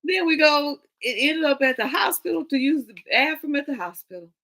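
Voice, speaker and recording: A woman tells rambling personal stories on a home livestream. Her voice sits a little high. She talks casually and animatedly, laughing often and dropping into other people's voices as she quotes them. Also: expressive, fairly quick, fairly bright tone, low-quality recording. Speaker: tarot reader on a livestream. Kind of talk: casual storytelling.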